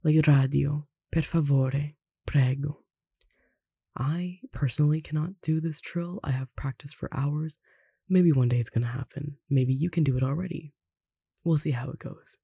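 Gravelly, dark-voiced language tutor. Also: mid-range voice, no echo, clean studio sound. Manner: unhurried, slowly spells out examples, adds light asides. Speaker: language tutor reading a lesson. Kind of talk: reading an instructional text aloud.

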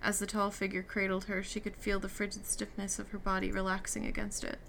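A woman's voice: medium pitch, completely flat delivery, a little fast, vocal fry, a bit bright, slight background noise. A woman reading a novel aloud, giving the characters' lines light shifts. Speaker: reader. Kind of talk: audiobook reading with character dialogue.

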